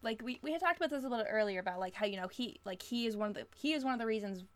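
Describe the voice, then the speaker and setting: A woman's voice: on the high side, animated, very fast, no room sound. Young woman cohost rambling along, restarts a lot, casual chat. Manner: rambling, many restarts and "like" fillers. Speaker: podcast co-host.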